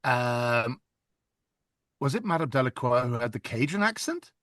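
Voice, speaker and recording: A man's voice: mid-range voice, big pitch swings, measured pace, fairly bright tone, no echo, studio quality. A man who narrates audiobooks, talking casually in a self-deprecating way and laughing often. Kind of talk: casual conversation.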